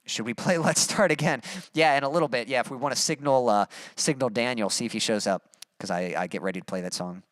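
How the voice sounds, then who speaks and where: A man's voice: medium pitch, fast talker, fairly bright tone. A young man hosts a casual livestream in an upbeat, chatty way, reading viewer comments as he goes. His voice sits in a middle range. The sound is close and dry, with no room echo. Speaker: livestream host and musician.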